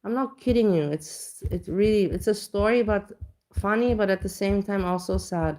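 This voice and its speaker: A woman's voice: mid-range voice, normal speed, a little mellow. A woman vlogger chatting casually at home, telling a rambling, self-mocking story full of restarts. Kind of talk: casual reaction chat. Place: home kitchen.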